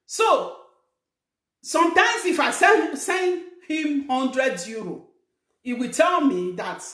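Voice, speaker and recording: A middle-aged Nigerian woman hosting her own show, lecturing viewers in an emphatic, scolding way that rises to shouts. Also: high-pitched, lively intonation, slow, roomy sound. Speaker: talk show host. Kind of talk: preaching monologue to viewers. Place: living abroad, in a room.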